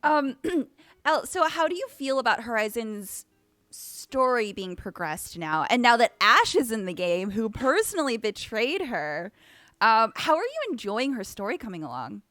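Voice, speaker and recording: A woman's voice: fairly high pitch, sing-song, normal speed, fairly bright tone, no room sound. A woman hosting a casual interview, asking eager questions and gushing over the answers. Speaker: host.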